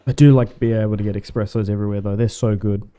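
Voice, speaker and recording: A man's voice: lowish voice, fairly even intonation, racing, mellow, clear, resonant tone. A man livestreaming a strategy game, chatting in a rambling way and laughing often. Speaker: gaming livestreamer. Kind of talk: casual chat while streaming a strategy game.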